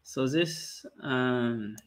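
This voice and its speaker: A man, a chess grandmaster calmly thinking aloud about his moves during a live stream, with light jokes. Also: mid-range voice, very slow. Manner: calm, thinking aloud move by move, light joking. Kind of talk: live-stream commentary on his own play.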